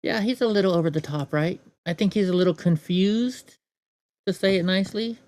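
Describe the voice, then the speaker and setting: A man's voice: high-pitched, a little fast, darkish tone. A man hosting a casual show, commenting on news clips with sarcastic asides. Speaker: host reacting to clips.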